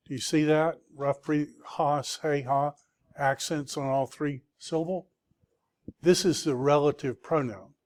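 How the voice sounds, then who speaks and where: A middle-aged man teaching a Greek vocabulary lecture to students, patiently checking in with the class as he goes. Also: on the high side.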